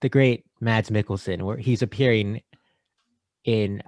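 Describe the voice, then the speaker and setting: A man's voice: lowish voice, fairly even intonation, a little slow, no room sound. Playful male podcast co-host. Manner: playful, rattling off shout-outs. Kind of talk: casual chat.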